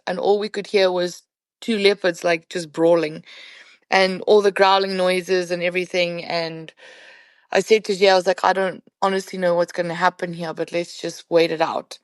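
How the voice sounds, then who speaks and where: A woman who works as a professional hunting guide, a podcast guest retelling a night hunt in animated, conversational storytelling full of "you know" fillers. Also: fairly low pitch, moderate pace, dry recording.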